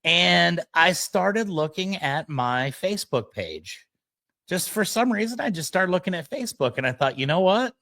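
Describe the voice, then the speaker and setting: A man hosting a podcast, telling a personal story at an unhurried pace. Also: high-pitched, big pitch swings, vocal fry, bright, forceful tone, no room sound. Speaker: podcast host.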